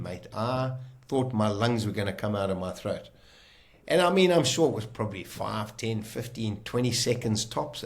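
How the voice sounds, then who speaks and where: A middle-aged man from South Africa, recounting a personal ordeal in a vivid, animated conversational way with frequent restarts. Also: mid-range voice. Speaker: guest telling his story. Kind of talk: conversational storytelling.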